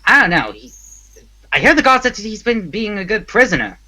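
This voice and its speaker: Guy doing a snarky jealous prisoner, mocking, pretty bright voice. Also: high-pitched, very animated, brisk, pitched above the performer's own voice, heavily acted, low-quality recording. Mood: sulky. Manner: mocking, sarcastic. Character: sarcastic jealous male prisoner.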